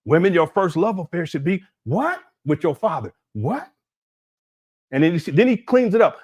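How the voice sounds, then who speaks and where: This man has a high-pitched voice and a moderate pace. On a livestream at home, he talks to his chat through a desk mic, rambling in animated disbelief and often restarting his sentences.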